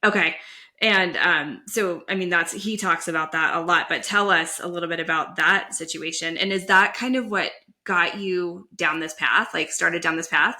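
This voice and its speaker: A woman's voice: on the low side, moderate pace, pushed and bright. A woman hosting a podcast, asking questions in a chatty, enthusiastic way. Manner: chatty, enthusiastic, many fillers. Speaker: podcast host. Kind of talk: casual interview chat.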